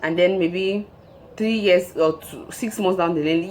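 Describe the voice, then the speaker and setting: A woman's voice: fairly low pitch, measured pace, a little mellow. A woman hosting her own show, giving relationship advice in an emphatic monologue and repeating her key phrases.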